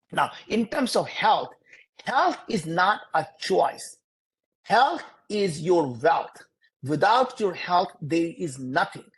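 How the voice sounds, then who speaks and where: A man with a thick Indian accent giving emphatic, motivational answers as an entrepreneur guest on an online interview. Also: fairly high pitch. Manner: emphatic, repetitive, preachy cadence.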